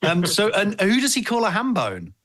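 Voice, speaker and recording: Man, bright voice, playful banter, podcast co-host. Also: high-pitched, huge pitch swings, normal speed. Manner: playful, jokey, breaks into laughter. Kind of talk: casual comedic chat.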